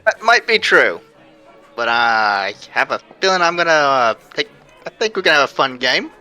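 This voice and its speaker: A man playing a tabletop game, wisecracking in an animated way. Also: mid-range voice, moderate pace, soft background music. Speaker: player. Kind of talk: casual tabletop game play.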